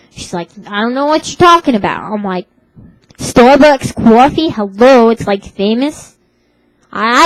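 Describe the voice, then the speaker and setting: A woman's voice: on the high side, no echo, low-quality recording. A young woman with a Brooklyn accent rambling through a comic story in a slangy, tough-talking manner. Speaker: comedic vlogger. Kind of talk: comedic character monologue.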